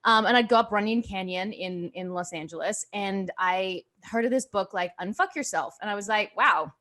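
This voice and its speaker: A woman's voice: medium pitch, normal speed, bright, forceful tone. Bubbly rambling woman podcast host. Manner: bubbly, rambling, lots of "like" and laughs. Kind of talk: casual podcast chat.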